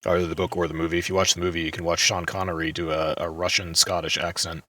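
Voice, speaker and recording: A man co-hosting a casual gaming podcast, chatty and quick to laugh. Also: sits low, flat delivery, bright, forceful tone, dry recording, distant mic. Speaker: podcast co-host. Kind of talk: casual chat.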